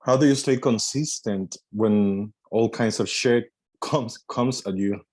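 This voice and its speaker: A man's voice: on the low side, takes it slowly, darkish tone. A man being coached as a guest on a podcast, casually chatting and responding with brief, supportive affirmations. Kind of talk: casual chat.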